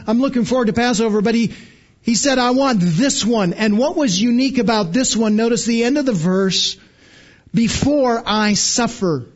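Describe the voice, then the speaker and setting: Emphatic high-voiced male preacher, muffled sound. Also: darkish tone. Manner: emphatic, repeats words for stress, frequent restarts. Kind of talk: expository sermon.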